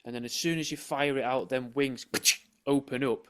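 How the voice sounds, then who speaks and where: A man, co-hosting a podcast and spinning absurd theories in a deadpan, casual way. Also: medium pitch, moderate pace, clear, resonant tone. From England. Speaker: podcast co-host. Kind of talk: casual chat.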